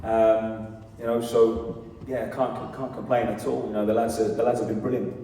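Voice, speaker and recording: A football head coach answering questions earnestly on stage, with many fillers and restarts. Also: male voice, on the low side, little pitch movement, normal speed, mellow, a little hiss or hum. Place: large hall at a live event. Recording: echoey hall, mic from far off.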